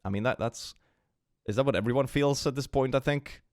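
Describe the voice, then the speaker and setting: A man's voice: mid-range voice, a little fast. A man co-hosting a comedic meme reaction, making dry, sarcastic remarks. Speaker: co-host reacting to memes. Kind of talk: casual comedic reaction commentary.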